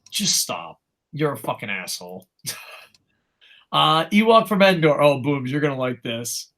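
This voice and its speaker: A young man co-hosting a casual wrestling podcast, ranting in a profane, animated way. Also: on the high side, normal speed. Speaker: co-host.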